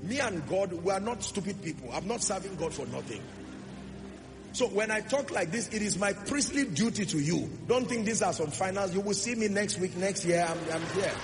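A man preaching a sermon to a church congregation, emphatic, with rhetorical questions and swings between loud declarations and soft asides. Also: sits high, lively intonation, moderate pace. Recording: long hall reverb with music underneath. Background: music.

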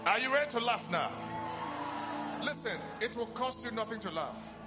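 High-pitched preacher guy yelling at the crowd, muffled recording. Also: lively intonation, moderate pace. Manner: shouting, repetitive calls to the congregation. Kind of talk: sermon. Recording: muffled recording with loud music behind. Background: loud music.

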